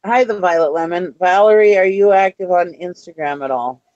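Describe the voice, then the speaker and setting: Man, high voice, dry close sound, dull lo-fi call audio, rambling casual chat. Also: moderate pace, a little mellow, dry recording. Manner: rambling, restarts mid-thought. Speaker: reseller on a live show.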